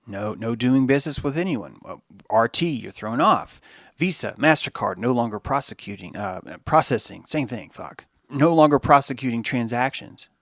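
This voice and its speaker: Animated, profane male podcast host. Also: medium pitch, no echo, studio quality. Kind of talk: monologue commentary.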